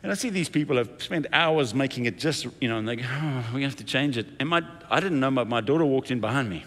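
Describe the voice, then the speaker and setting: Male senior pastor, anecdotal sermon delivery, mid-pitched voice, lively quoted voices, long hall reverb. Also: fast talker, a little hiss or hum. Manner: storytelling with playful acted-out quotes.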